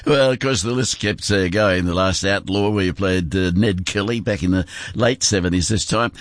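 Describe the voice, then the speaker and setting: Low-voiced Australian radio host. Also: male voice, moderate pace, dry recording. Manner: chatty, laughs often, frequent fillers. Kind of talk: radio show interview.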